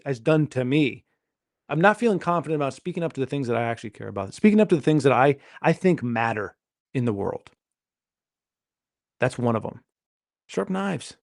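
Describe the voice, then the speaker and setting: A man hosting his own podcast, rambling through a jokey solo monologue and questioning himself as he goes. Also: on the high side. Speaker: podcast host.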